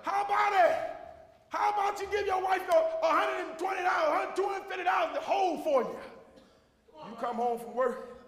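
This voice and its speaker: High-pitched shouting preacher in a hall. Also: male voice, fairly even intonation, fairly quick. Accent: Southern American. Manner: preaching with rising shouts, repeating refrains. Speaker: pastor. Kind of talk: sermon. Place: church sanctuary with congregation. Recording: echoey hall recording. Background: congregation responses.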